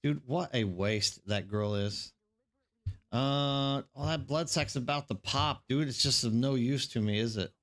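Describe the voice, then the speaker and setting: A man's voice: medium pitch, unhurried, a bit bright. A man streaming a game live, chatting casually and rambling to his viewers, calling them by name.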